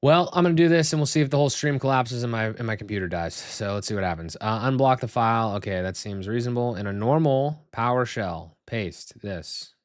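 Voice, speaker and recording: A young man streaming live as he sets up software, swearing and muttering in frustration as he talks to himself and his viewers. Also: lowish voice, animated, fairly quick, few pauses, no room sound, clean studio sound.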